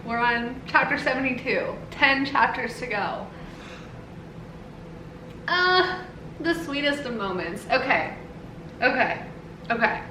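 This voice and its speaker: A woman's voice: fairly high pitch, expressive, slow, long pauses, reverberant, background noise. A woman book vlogger reacting emotionally as she reads at home, laughing and near tears while talking to herself and the camera. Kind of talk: emotional reading vlog reactions.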